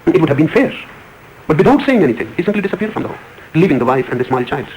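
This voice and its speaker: A man's voice: a little high, sing-song, very fast, darkish tone, a little hiss or hum, low-quality recording. A man giving a spiritual discourse, retelling a parable with emphatic, repeated phrases. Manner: emphatic, repetitive, rising emphasis on key words. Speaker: spiritual speaker. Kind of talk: storytelling discourse.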